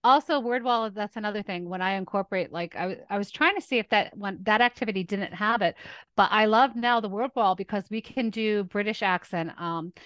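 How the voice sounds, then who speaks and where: Quick-talking woman. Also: mid-range voice, clean tone, dry recording. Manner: lively, quick, laughs often. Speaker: interview guest, online ESL teacher. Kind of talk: casual interview chat.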